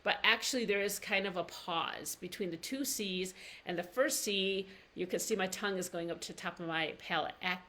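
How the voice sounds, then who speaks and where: A woman teaching pronunciation in a live-streamed lesson, drawing words out slowly and breaking them into syllables. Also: fairly low pitch, pushed and bright. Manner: slow, drawn-out demonstrations of words, syllable by syllable. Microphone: livestream camera mic.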